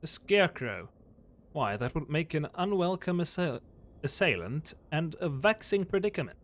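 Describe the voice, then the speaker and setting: A man's voice: fairly high pitch, sing-song, normal speed. A man voicing a pompous, wordy antique store proprietor who speaks in archaic formal phrases. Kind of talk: voicing game dialogue.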